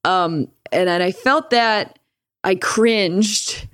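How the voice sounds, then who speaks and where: A woman's voice: medium pitch, very slow, clean tone, no room sound, studio quality. A young woman telling a story casually, with lots of swearing and filler words. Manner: profane, filler-heavy with "like"; animated retelling with laughs. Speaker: streamer guest.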